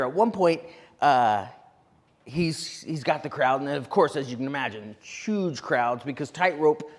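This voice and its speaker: A man preaching a sermon as pastor, telling a story with lively asides. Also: on the high side. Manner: animated storytelling with quick asides. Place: church sanctuary. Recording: long reverb of a church hall.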